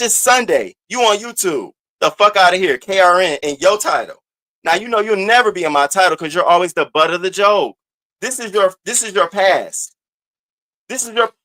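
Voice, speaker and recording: A man's voice: high-pitched, sharp tone. A man hosting a live stream, ranting and taunting a rival with profane trash talk. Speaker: host. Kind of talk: roast-style live rant.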